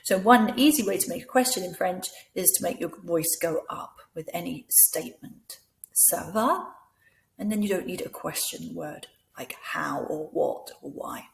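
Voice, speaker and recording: A woman leading a teacher training session, explaining things patiently and clearly, often acting out words in different voices. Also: on the low side, normal speed, hardly any pauses. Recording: echoey room.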